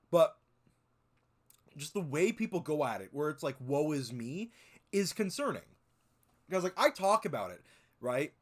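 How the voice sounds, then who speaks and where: Rambling young man, lively streamer chat. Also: a little high. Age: 20s. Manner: animated, swearing, rambling with many fillers. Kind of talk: casual stream chat reacting to videos.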